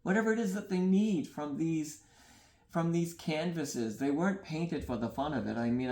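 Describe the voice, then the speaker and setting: Earnest dreamy man in a roomy gallery. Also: fairly high pitch. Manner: earnest, dreamy, repeats phrases, laughs at himself. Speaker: artist guest. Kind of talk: reflective interview talk.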